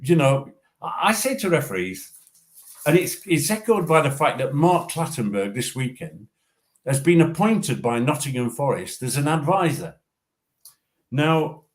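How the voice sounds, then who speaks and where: An older man, a former referee assessor, talking through refereeing in a measured way, often repeating and restarting his words. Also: fairly high pitch. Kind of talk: casual discussion.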